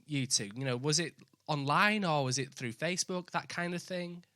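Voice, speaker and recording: A man hosting a podcast, asking casual questions in a halting, fumbling way. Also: medium pitch, bright, forceful tone, dry recording, clean studio sound. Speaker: podcast host. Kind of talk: casual interview chat.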